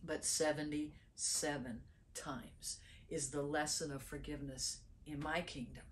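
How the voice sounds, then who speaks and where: A woman voicing a calm, patient male teacher who answers a question gently. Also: low voice, measured pace, recorded from a distance, slight background noise, voice pushed down. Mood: gentle.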